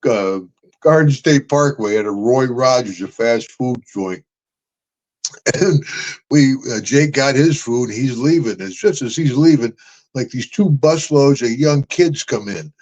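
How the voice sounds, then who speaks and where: A man's voice: mid-range voice, lively intonation, a little slow, a little mellow, rough recording. An older man hosting a podcast, rambling through stories with laughs and calling people brother and man. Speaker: podcast host. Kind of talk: casual storytelling chat.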